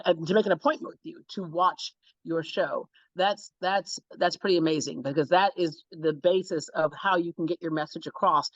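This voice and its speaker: A woman who hosts a television talk show, telling stories as a guest in an animated way and acting out the quotes. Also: on the low side, no echo, dull audio. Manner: animated, acts out quotes in different voices. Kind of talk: storytelling interview chat.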